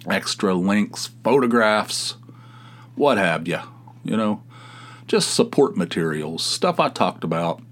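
Man, from the US, podcast host, slightly low voice, rambling solo chat, self-deprecating. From United States. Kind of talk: casual solo podcast monologue.

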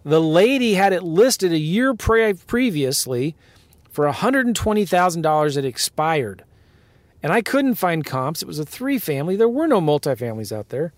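A man's voice: a little high, moderate pace, no room sound. A man hosting a podcast, telling a story about a deal in a casual, emphatic rant and laughing along. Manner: animated, emphatic, laughs while telling stories. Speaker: podcast host, real estate investor. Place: in a car.

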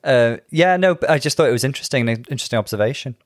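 A man's voice: medium pitch, animated, rapid-fire, no echo. Giggly man chatting close-up. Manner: giggly, gushing fan banter. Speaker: podcast co-host. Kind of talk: casual chat.

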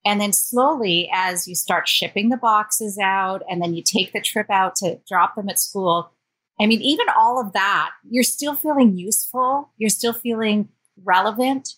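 A woman who is an author and talk show guest, telling a personal story in an expressive, emotional way. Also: mid-range voice, a little slow, low-quality recording. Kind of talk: interview storytelling.

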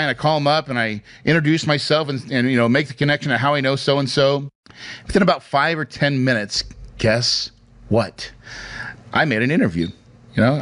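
A man's voice: medium pitch, a bit bright. Man with a mid-range voice, chatty storyteller who checks in with the listener a lot. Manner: chatty, hesitant restarts, asks "right?" often. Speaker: speaker sharing his career story. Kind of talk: casual personal storytelling.

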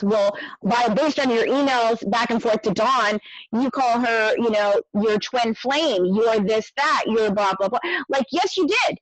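A woman hosting a conversation, explaining her points in an animated way with quick asides. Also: fairly high pitch, no echo, rough recording. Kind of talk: conversational commentary.

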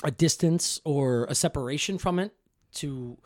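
A man's voice: fairly high pitch, normal speed, a little mellow, no room sound, studio quality. A man in his thirties telling profane, rambling stories on a podcast, often restarting his sentences. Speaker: podcast guest storyteller. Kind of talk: casual podcast chat.

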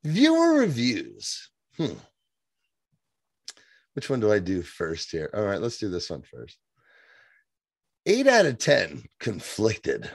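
Animated man on a casual podcast. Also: fairly low pitch, no echo. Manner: animated, profane, reads reviews aloud. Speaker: podcast co-host.

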